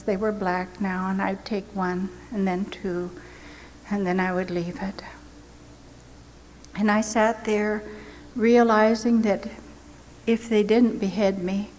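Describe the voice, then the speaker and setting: An older woman telling her wartime testimony as a missionary, in earnest, dramatic storytelling. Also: mid-range voice. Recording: echoey hall with faint noise.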